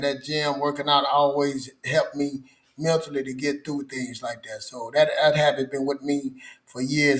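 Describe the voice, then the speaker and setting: A man's voice: a little high, fairly bright tone. A man co-hosting a podcast in an easygoing chat, often tagging his sentences with filler phrases. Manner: easygoing, keeps saying "man" and "you know what I'm saying". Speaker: podcast co-host. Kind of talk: casual chat.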